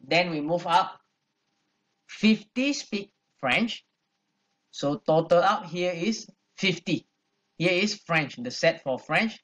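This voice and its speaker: A male math teacher explains an exercise one step at a time. His voice sits a little high, and he speaks slowly and patiently, repeating each number as he goes. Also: expressive, fairly bright tone. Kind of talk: classroom lesson, working through an exercise.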